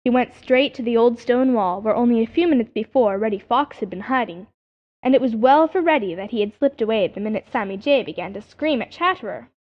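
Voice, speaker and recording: A woman narrating a children's animal story as an audiobook reader, in an expressive storytelling manner. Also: on the high side, fairly quick. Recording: dull lo-fi audiobook recording.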